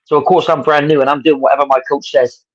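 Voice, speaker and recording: A man's voice: fairly high pitch, fast talker, muffled recording. A man from England with an English accent, telling stories as a guest, animatedly acting out the people he quotes. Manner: animated storyteller who acts out quotes. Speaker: wrestling promoter and guest. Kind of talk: casual storytelling interview.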